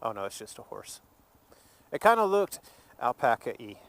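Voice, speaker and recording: A man's voice: mid-range voice, big pitch swings, normal speed, gravelly, a bit bright. A man, from Alabama, rambling and joking in a casual vlog while driving his car. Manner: chatty, rambling, jokey, laughs easily. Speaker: vlogger.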